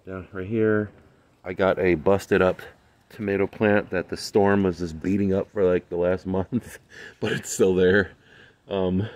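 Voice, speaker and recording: Man, very deep voice, laid-back, slangy, lots of ums, outdoor garden vlog, phone camera. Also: a little mellow, slight background noise. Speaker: vlogger. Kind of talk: casual chat.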